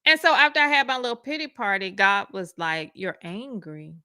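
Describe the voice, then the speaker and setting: A woman casually telling a personal story, animated and acting out the voices of the people in it. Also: a little fast, clean tone, no echo. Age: adult with school-age kids. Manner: animated, acts out quoted voices with big pitch jumps. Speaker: speaker sharing a personal testimony.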